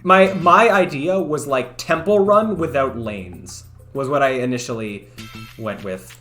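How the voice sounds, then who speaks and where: A man's voice: medium pitch, a little slow, soft background music. A man streaming late at night, chatting casually and self-deprecatingly with many fillers, keeping his voice down. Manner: talks quietly at night. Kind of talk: casual livestream chat.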